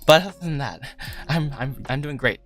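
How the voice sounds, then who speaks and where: A man's voice: medium pitch, normal speed. A man hosting a casual livestream while he works, rambling and self-deprecating, laughing often. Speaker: livestream host, animator. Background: soft lofi music.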